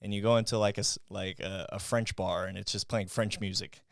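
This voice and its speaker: Low-voiced swearing young man. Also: steady tone, a little fast, creaky, dry recording, clean studio sound. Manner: swearing, storytelling, laughs often. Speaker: podcast co-host. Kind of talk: casual chat.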